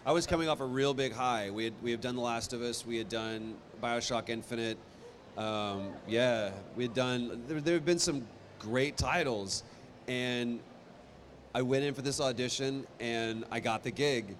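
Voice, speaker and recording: Animated man telling stories on a panel. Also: medium pitch, a little hiss or hum. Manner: animated storytelling, quick asides. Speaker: convention panel guest. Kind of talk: casual panel talk. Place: convention hall stage.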